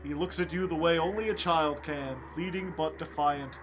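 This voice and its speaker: A man streaming a game, reading its story text aloud in a quiet voice and breaking off for joking asides to chat. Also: a little high, steady tone, normal speed, background noise.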